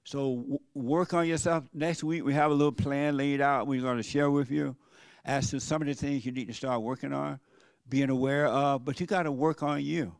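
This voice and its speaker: A man's voice: mid-range voice, steady tone, normal speed, vocal fry, no echo. An older man preaching a sermon in a plain-spoken, folksy way, asking his listeners questions. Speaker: pastor.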